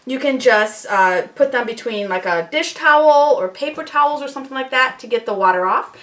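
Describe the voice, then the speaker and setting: Picked up from a distance, this woman's voice is high, animated and fairly bright, moving a little fast. She hosts a homesteading channel, giving a casual how-to demonstration in her kitchen with cheerful chatter and self-deprecating asides, occasionally slightly out of breath.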